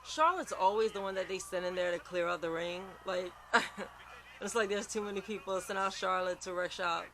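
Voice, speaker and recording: High-voiced, outspoken sleepy man. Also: bright, forceful tone, a little hiss or hum. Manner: outspoken and exclamatory, swears freely. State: sleepy, yawning late at night. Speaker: wrestling reaction channel host. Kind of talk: casual reaction commentary.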